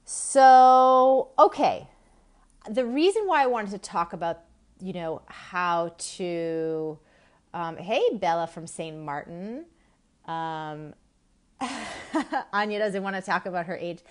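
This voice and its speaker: A woman's voice: lowish voice, animated, slow pace, long pauses. A woman from Massachusetts in her forties, hosting a live stream on women's health, chatting and laughing as she greets viewers by name.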